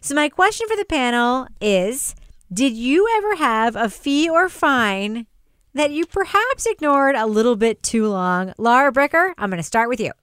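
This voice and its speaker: A woman's voice: on the high side, expressive, moderate pace, fairly bright tone, clean tone, no room sound, clean studio sound. A woman hosting a podcast panel, reading a news item wryly and then chatting with her guests. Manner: wry, reads news items then riffs. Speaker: podcast host. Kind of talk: casual panel talk with scripted segments.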